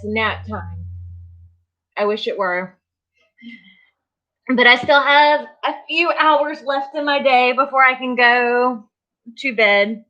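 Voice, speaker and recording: A worn-out woman drawls slowly through a casual livestream, sighing and yawning between greetings to viewers. Her voice is bright and a little tense. The audio is slightly dull and lo-fi. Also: on the high side. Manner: tired, slow and sighing, greeting viewers by name. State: tired, yawning. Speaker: livestream host of a vinyl crafting channel.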